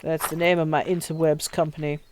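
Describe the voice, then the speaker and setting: A woman's voice: sits low, flat delivery, a little fast, soft background music. A woman live-streaming a game, chatting casually with her viewers, swearing freely and laughing often. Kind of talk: casual live-stream chat while playing.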